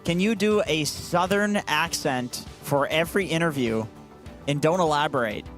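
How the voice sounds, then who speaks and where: Deadpan male panelist, slightly high voice. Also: moderate pace, soft background music. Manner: deadpan joker. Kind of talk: live desk banter.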